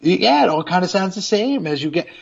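Lively chatty man on a dull line. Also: sits high, fairly quick, gravelly, slightly rough. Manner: chatty, hesitant, thinks aloud. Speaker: podcast guest, film critic. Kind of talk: casual chat.

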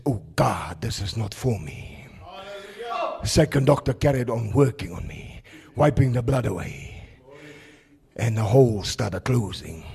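A South African man preaching with a deeply raspy, gravelly voice, fervent and emphatic. He draws out his words slowly as he gives his testimony. The sermon is delivered at a prison service.

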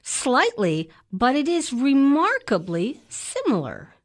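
A woman co-hosting a film review podcast, chatting in a playful way with quick asides. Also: sits high, huge pitch swings. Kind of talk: casual chat.

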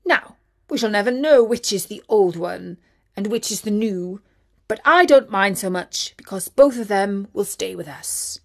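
A woman's voice: mid-range voice, expressive, a little slow. A woman doing a blustery old king. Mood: grumbling. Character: fussy old king, grumbling but kindly.

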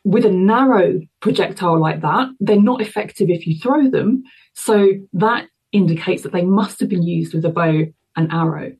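Answering interview questions, a woman who is a university researcher explains carefully and thoughtfully, using fillers and restarting sentences. She talks at a normal speed in a lowish, slightly rough, somewhat mellow voice, and the audio is poor.

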